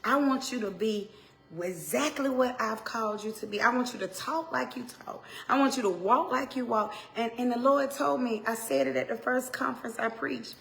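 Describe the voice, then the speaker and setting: A woman minister with an Atlanta accent, preaching in a heartfelt talk that swings from hushed tones to loud exhortation, with Southern turns of phrase and repeated lines. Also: fairly high pitch, moderate pace, vocal fry. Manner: impassioned, swings from hushed to shouting.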